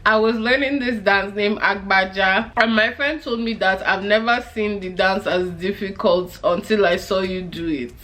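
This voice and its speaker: Young woman reading her diary out loud, chatty, laughs a lot, does little voices for people. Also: mid-range voice, moderate pace. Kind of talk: casual diary reading and reflection.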